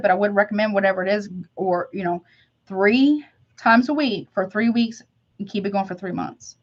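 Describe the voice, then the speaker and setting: A tarot reader goes live, talking in a relaxed, slangy way with a warm, sympathetic tone. Her pitch is mid-range, and the recording is somewhat muffled and low-fidelity.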